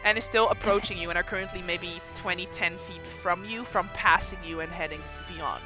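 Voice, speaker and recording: A woman's voice: lowish voice, fairly even intonation, fairly quick, over music, rough recording. A woman narrating as game master of a tabletop game, hesitant, with many ums.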